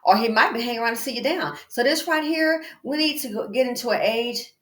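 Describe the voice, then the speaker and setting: Her voice runs a little high and her delivery is brisk as she gives casual commentary for her channel. Emphatic and animated, she keeps addressing the listener as "girl" and "baby," exercising indoors while the echoey room colors the sound.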